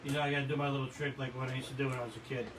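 A man's voice: medium pitch, level tone, very fast, recorded from a distance. Joking man in an echoey room. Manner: joking, easygoing banter. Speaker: co-host of a live jewelry sales show. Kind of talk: live-stream sales chat. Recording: echoey room with audible noise.

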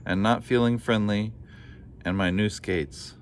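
A man's voice: fairly low pitch, fairly even intonation, a little slow, slight background noise, natural voice. A man voicing a glum, heartbroken lion. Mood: dejected. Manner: mumbling, sighing delivery.

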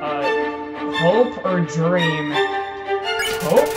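A man narrating his own gameplay in a high voice, bursting into exclamations and reading game text aloud. He talks at an unhurried pace, and loud game music plays behind him. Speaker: let's play gamer. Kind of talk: gameplay commentary.

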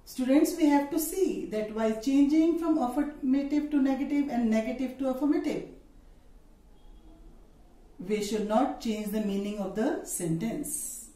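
A woman teaching grammar in a slow, careful way, her voice mellow and a little high. She sounds some distance from the mic in a very echoey room. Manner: slow, deliberate, listing examples. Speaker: English teacher. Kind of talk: grammar lesson.

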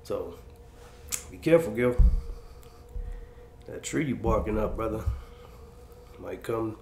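Slow and easygoing, a commentary host with a fairly low, creaky, somewhat mellow voice reacts to things and offers slangy street advice in a big-brother way. Faint noise hangs in the roomy room where he's recorded.

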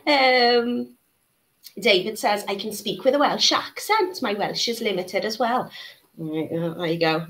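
A woman's voice: on the high side, a bit bright. Bubbly chatty woman hosting a live stream. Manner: chatty, bubbly, reads out viewer comments. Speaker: host of a live beading tutorial. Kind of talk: casual live-stream chat.

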